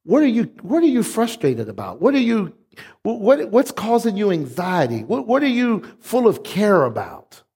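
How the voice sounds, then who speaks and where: High-voiced preaching pastor. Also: male voice, huge pitch swings, moderate pace, darkish tone, slightly rough. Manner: emphatic preaching with call-and-response. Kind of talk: sermon.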